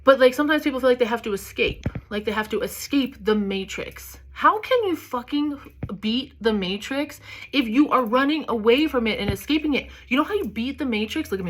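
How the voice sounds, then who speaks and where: A woman's voice: fairly high pitch, expressive, normal speed, breathy edge. A woman giving a casual spiritual reading, chatty and candid, swearing freely and filling her talk with "like" and "you know". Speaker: tarot reader.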